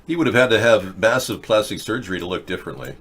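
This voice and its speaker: Speaking fast into a webcam or desk microphone like on a video chat, a man hosts a political talk show, rambling casually with lots of fillers and restarts as he thinks aloud. His voice is lowish and fairly bright with a breathy edge and lively intonation.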